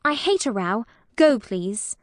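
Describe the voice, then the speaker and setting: A woman's voice: fairly high pitch, sing-song, slow, no room sound, studio quality. A woman voicing an indignant young lady. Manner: clipped and indignant. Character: proud, stubborn young Englishwoman. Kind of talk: audiobook reading.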